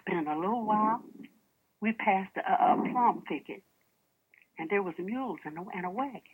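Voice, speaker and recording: A woman's voice: medium pitch, moderate pace, husky, phone-quality sound. A woman preaching a sermon, asking the congregation questions and reading old first-person accounts aloud as stories. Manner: animated, with rhetorical questions to the congregation. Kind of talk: sermon with storytelling.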